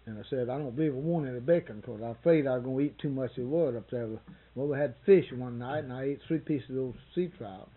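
A man's voice: medium pitch, fast, slightly rough, phone-quality sound. A man in his sixties telling a rambling, folksy anecdote in an interview, acting out both sides of the conversation he recalls. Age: 60s. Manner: rambling folksy storyteller who quotes others. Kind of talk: casual spoken anecdote.

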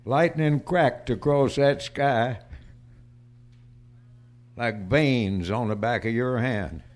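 A man on stage introduces a poem of his own and then recites it. He speaks slowly and deliberately, with a steady voice of medium pitch. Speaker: cowboy poet performing. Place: stage before a small audience.

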